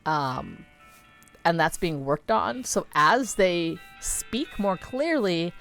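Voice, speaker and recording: Low-voiced woman chatting while gaming. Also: sing-song, slow, gravelly, fairly bright tone, soft background music. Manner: rambling, swears casually, many "like" fillers. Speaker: streamer. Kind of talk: casual chat while playing a video game.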